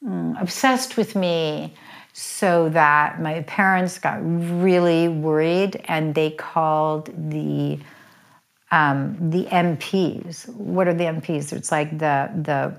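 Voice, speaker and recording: Interview guest: middle-aged woman, lowish voice, candid, talks fast and loose with filler words. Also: steady tone, creaky. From United States. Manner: chatty, fast, full of "like" fillers. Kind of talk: candid personal storytelling.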